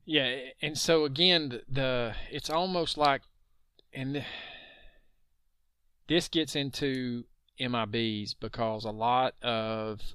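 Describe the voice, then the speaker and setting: A man co-hosting a podcast, casually talking through a mystery case in an animated way and cursing now and then. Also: mid-range voice, clean tone, no echo. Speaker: podcast co-host. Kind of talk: casual true-crime chat.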